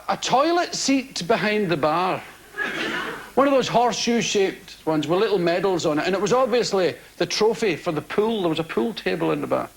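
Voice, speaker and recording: On a big theatre stage, a Scottish comic spins meandering tales for the live crowd with animated, mock-outraged energy. The audio is poor, and his voice sits high.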